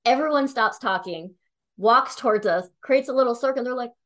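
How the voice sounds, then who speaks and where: A woman's voice: a little high, brisk, a bit bright. A young woman telling a personal story in a casual, chatty way, full of "like" and "um", with the odd swear. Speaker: tarot reader.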